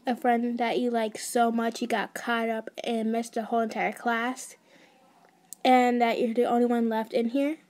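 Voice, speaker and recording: A woman's voice: fairly high pitch, little pitch movement, moderate pace, darkish tone, lightly acted. A woman voicing a teasing young male demon classmate, mocking and smirking, in an ASMR story.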